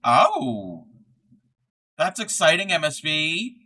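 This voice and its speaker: A man's voice: on the high side, big pitch swings, slow, pushed and bright, poor audio. A man chatting casually on a livestream while crocheting, reading chat aloud and laughing often. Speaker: streamer crocheting live.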